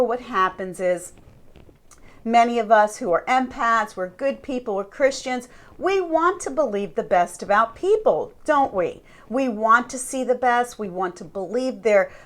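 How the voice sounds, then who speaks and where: A woman's voice: on the high side, fairly bright tone. A woman coach speaking earnestly and emphatically, addressing her listeners directly as she teaches. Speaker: life coach.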